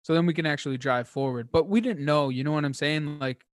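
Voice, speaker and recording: Man, podcast guest, high energy, rambling, slightly raised pitch, dry close sound. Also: fast talker, no echo. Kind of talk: casual chat, hunting story.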